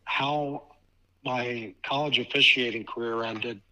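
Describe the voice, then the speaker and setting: A man in his fifties from Ohio tells a personal story on a podcast. His voice is bright and forward, and he talks in a halting way, repeating words as he goes. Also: mid-range voice, fairly even intonation, low-quality recording. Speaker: podcast guest, basketball official and assigner. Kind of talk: casual storytelling interview.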